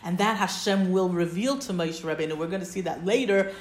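A woman's voice: on the low side, brisk. A woman teaching a text-study class, explaining step by step and checking in with her listeners. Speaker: Torah teacher. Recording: roomy echo.

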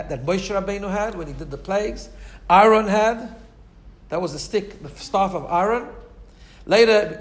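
A man giving a Torah class with an Orthodox Jewish English and Ashkenazi Hebrew accent. He talks in a chatty way, repeats words and keeps asking "right?". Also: high voice. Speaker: Torah teacher.

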